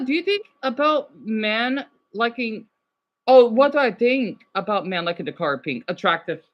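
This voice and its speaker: A woman streaming a game on her phone and chatting excitedly with her viewers, often restarting her sentences. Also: sits high. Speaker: game streamer reading chat. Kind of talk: casual livestream chat. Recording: dull lo-fi phone audio.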